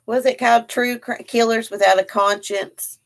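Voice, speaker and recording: A woman's voice: on the high side, steady tone, normal speed. A woman from Eastern Kentucky with an Appalachian accent, hosting a casual home livestream, chatting folksily and reading out viewer comments. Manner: chatty and folksy, laughs often, talks to her dog. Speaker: livestream host.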